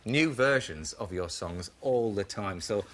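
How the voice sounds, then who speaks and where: A man's voice: on the low side, expressive, unhurried, fairly bright tone. A man hosting a TV chat show, introducing guests and items in an upbeat presenting style. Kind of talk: presenting a live magazine show.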